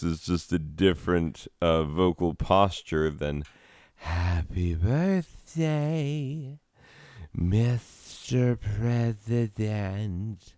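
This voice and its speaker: A man's voice: deep voice, clean tone, no echo, studio quality. A man hosting a comedy show who also teaches drama, riffing with sardonic, self-deprecating asides.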